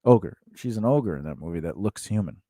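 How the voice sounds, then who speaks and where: A man with a fairly low voice, co-hosting a relaxed podcast conversation. He rambles through stories with lots of restarts and animated swings. The sound is close and dry, with no room around it. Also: fairly quick, no room sound. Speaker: podcast co-host. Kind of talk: casual chat.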